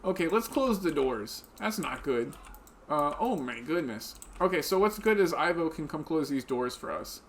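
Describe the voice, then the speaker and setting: A man with a slightly high, expressive, fairly bright voice talks at normal speed over a faint hiss or hum. He's giggly and chatty on a casual live stream, playing a video game and talking to viewers through a desk microphone.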